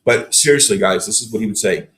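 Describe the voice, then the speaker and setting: A man's voice: fairly low pitch, fast talker. A man, a podcast guest telling stories in casual chat and acting out the people he quotes. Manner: animated storyteller, acts out quotes.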